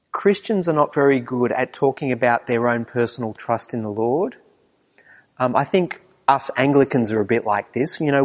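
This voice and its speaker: A man delivers a sermon in a mid-pitched voice, earnest and searching. He presses his listeners with questions and often falls to a quiet tone. The sound rings with the long reverb of a church. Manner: earnest, asks the congregation rhetorical questions, drops to a hushed tone at times. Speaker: preacher.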